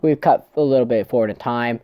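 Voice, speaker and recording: A man's voice: medium pitch, brisk, smooth, no room sound, lo-fi sound. A man casually recapping a manga chapter, rambling, swearing and tripping over his words. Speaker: manga reviewer.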